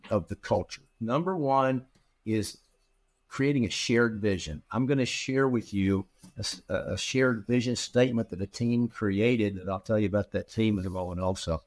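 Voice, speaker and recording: A man's voice: fairly low pitch, moderate pace. A middle-aged man, a practice management consultant, telling stories in an interview and acting out the dialogue he quotes. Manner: animated, acts out quoted dialogue. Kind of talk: storytelling in an interview.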